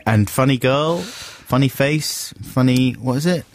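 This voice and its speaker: A man co-hosting a radio show, chatting casually, laughing easily and talking in halting bits. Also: mid-range voice, dry recording.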